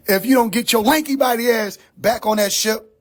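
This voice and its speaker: A man hosting a livestream, ranting in a mocking, incredulous way and swearing constantly. He keeps repeating his own questions for effect. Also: extremely high pitch. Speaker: livestream host. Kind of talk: profane comedic rant on a livestream.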